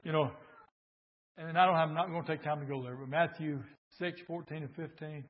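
High-voiced fiery preacher, shouting. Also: male voice, fairly even intonation, a little fast, dull audio. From southern Indiana, USA. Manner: fiery, swinging between shouted peaks and hushed pleading. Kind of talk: revival sermon.

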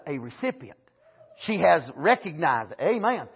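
A man preaches with fervent energy, his high voice husky around the edges. He swings from shouted exclamations down to quiet asides and punctuates his points with amens. The recording sounds dull and lo-fi. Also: very animated, moderate pace. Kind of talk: sermon.

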